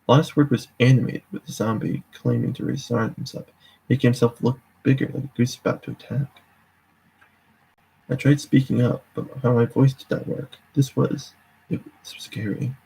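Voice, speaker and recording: A man's voice: mid-range voice, steady tone, moderate pace, creaky, mellow, husky, low-quality recording. A man casually reading a horror story aloud live, often stumbling and correcting himself. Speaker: reader.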